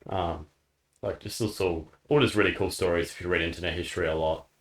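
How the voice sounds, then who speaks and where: An Australian man with a very deep voice chats loosely on a podcast. He fills his sentences with "like" as he goes. The room around him gives his voice a hollow echo. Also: fairly even intonation, quick pace. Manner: rambling, leans heavily on "like". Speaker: podcast co-host. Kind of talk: casual chat. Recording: roomy echo.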